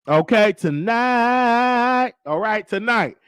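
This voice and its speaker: A man's voice: high-pitched, expressive, normal speed, no room sound. A man who hosts and does comedy, talking casually and sassily to his live-stream viewers, often checking in with "okay?". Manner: sassy, addresses viewers as baby and checks in with okay. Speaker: host and comedian.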